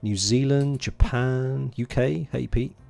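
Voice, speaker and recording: A man's voice: mid-range voice, fairly even intonation, takes it slowly, gravelly, a little mellow. A man from London, streaming a game, chatting casually, muttering to himself while he plays and greeting viewers in chat. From England (London). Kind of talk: casual livestream commentary.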